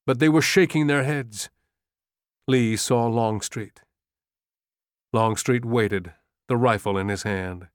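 A man reading a novel aloud as an audiobook narrator, in a measured, grave manner. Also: medium pitch, clean tone, no room sound, studio quality.

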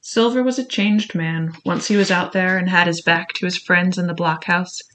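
A reader with a bright, clear tone tells an old adventure tale in a measured, expressive way. The narration is scripted and steady, with each sentence shaped for the listener. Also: medium pitch, a little hiss or hum. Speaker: audiobook reader.

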